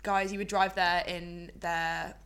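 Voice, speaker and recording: A woman's voice: level tone, slow pace, a bit bright. Giggly young woman. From Scotland. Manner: giggly, breaks into high laughter. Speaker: co-host quizzing a friend. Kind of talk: casual chat.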